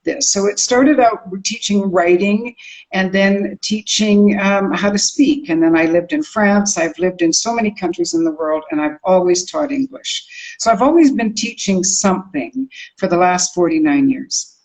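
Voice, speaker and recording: An older woman from Canada tells stories about her teaching in an interview. She talks expressively and sounds out rhythms and syllables. Her voice sits in an ordinary middle pitch. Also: expressive, moderate pace, darkish tone, poor audio. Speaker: accent coach and communication teacher. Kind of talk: animated interview storytelling.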